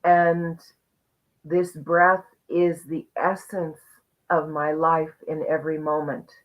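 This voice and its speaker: A woman hosting a live online conversation, sharing a personal journey in an earnest, reflective, expressive way over a video call. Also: sits low, slow pace. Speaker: host. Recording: muffled lo-fi audio.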